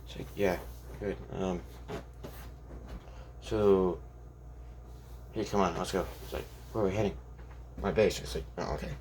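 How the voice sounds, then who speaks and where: Low-voiced young man rambling through a fan story. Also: steady tone, unhurried, pauses often, noisy background. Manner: rambling, restarts, keeps quoting lines with "it's like". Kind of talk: improvised fan story narration.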